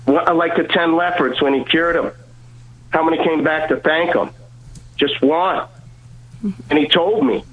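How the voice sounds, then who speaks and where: A man's voice: on the high side, fairly even intonation, a little slow, pauses often, fairly bright tone, poor audio. A man as an interview guest, giving an earnest personal testimony and often stumbling over repeated words.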